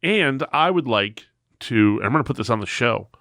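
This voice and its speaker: A man's voice: medium pitch, animated, moderate pace, a bit bright, slight background noise. A man co-hosting a podcast, telling rambling anecdotes in casual chat. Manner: rambling storyteller. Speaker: podcast co-host.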